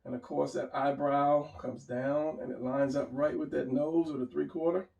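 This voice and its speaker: A man's voice: fairly high pitch, fairly even intonation, moderate pace, creaky, a little mellow, lo-fi sound. A man giving a casual drawing lesson, rambling and restarting as he draws and talks it through. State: hiccuping. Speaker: drawing teacher. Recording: roomy, mic at a distance.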